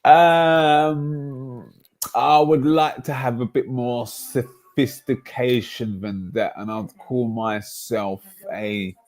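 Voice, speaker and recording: A man, bragging and rambling in a loose, slangy way during a casual football chat. His voice sits at an ordinary middle pitch for a man, and he talks like he's among mates around the table. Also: fairly even intonation, takes it slowly, a little mellow. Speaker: football podcast panelist. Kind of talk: casual banter about football.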